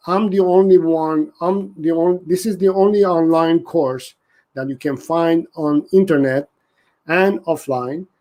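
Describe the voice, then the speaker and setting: A man with a highish, slightly mellow voice hosts a casual live-stream Q&A about dog training. He speaks earnestly, often repeating and restarting his sentences, and reads out viewer comments.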